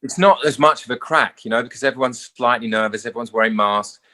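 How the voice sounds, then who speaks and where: A middle-aged English actor, a guest in a casual interview, tells stories animatedly and acts out the voices he quotes. His male voice is mid-range, fast, and sharp in tone.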